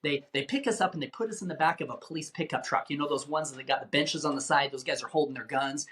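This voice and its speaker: Man telling a gripping story, slightly high voice. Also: fast. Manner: vivid, animated retelling with acted-out quotes. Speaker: guest, anti-trafficking rescuer. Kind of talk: dramatic storytelling in a podcast interview.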